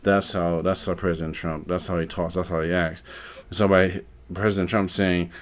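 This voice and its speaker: A man's voice: deep voice, level tone, normal speed. A man hosting a live stream, talking casually and rambling, with many fillers and repeated words. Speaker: live stream host, postal worker.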